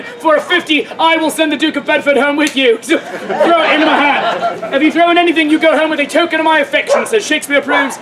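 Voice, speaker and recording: A man performing a comedy show at an outdoor fair stage, loud and playful, bantering with the audience. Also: extremely high pitch. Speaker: street performer. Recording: live outdoor audience audible. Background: crowd laughing and cheering.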